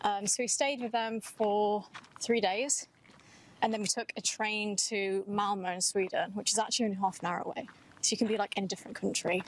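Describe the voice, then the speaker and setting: A woman's voice: mid-range voice, fairly even intonation, a little fast, slight background noise, rough recording. A young woman co-hosting a casual chat while walking outdoors on a campus, upbeat and talkative, often laughing and saying "like". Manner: chatty, upbeat, laughs often, says "like" a lot. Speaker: podcast co-host.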